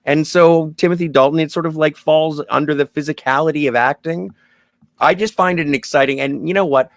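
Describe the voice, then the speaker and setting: A man's voice: a little high, steady tone, brisk, no room sound, studio quality. A man co-hosting a podcast, talking about films in an enthusiastic, rambling way full of "like". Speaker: podcast co-host. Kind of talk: casual movie chat.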